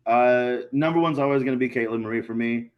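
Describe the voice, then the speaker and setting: A man, a guest on a casual podcast, telling stories in a profane, animated way and acting out quotes. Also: medium pitch, brisk, muffled recording. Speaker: guest, pro wrestler.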